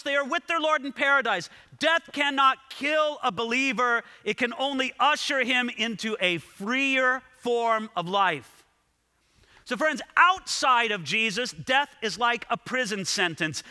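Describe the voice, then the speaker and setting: A man's voice: high-pitched, bright, forceful tone, big-room sound. A male pastor preaching a sermon in a church, emphatic, building his points through repeated parallel phrases. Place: church sanctuary.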